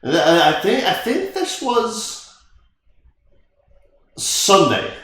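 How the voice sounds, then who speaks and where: A man's voice: high-pitched, huge pitch swings, very slow, sharp tone. Man, casual podcast storyteller, rambly with lots of "like" and "you know", very echoey room. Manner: rambling, many fillers, laughs often. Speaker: podcast co-host.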